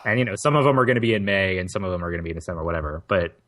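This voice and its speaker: A man co-hosting a podcast, chatting in a relaxed, rambling way that often trails off. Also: sits low, very fast. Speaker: podcast co-host. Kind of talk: casual chat.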